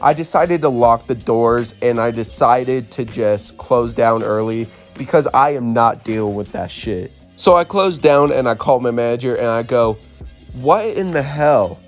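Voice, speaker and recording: A man's voice: medium pitch, moderate pace, few pauses, faint music behind. A young man telling a storytime on his vlog, blunt and profane as he retells an argument at work. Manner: blunt, swears often, retells the argument animatedly. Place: worked in New Mexico.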